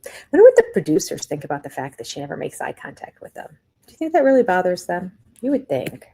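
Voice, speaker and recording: Older female host, warm lower voice, casual live-chat commentary, outspoken and laughing. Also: very animated, quick pace, gravelly, slightly rough. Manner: opinionated, chatty, laughs often. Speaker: reality TV review host. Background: cat nearby.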